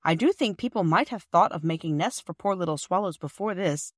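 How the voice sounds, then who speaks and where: A woman's voice: on the low side, animated, fairly quick, no echo, clean studio sound. A woman reading as a smug, know-it-all boy. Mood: lecturing. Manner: lecturing, self-righteous. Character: know-it-all young boy, big brother.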